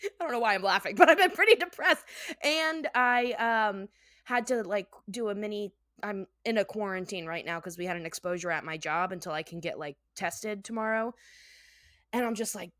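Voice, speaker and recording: A woman's voice: mid-range voice, normal speed, a bit bright, no room sound, clean studio sound. A young adult woman co-hosting a podcast, chatting casually while a bit tipsy, laughing often and swearing freely. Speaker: podcast co-host. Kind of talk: casual chat.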